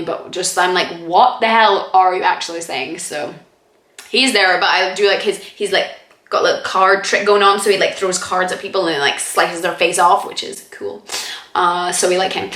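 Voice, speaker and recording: A woman's voice: medium pitch, a bit bright. Rambling, sarcastic woman in an echoey room. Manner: rambling and sarcastic, heavy on "like" and "freaking"; laughs often mid-sentence. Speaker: movie reviewer. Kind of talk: casual spoken movie review.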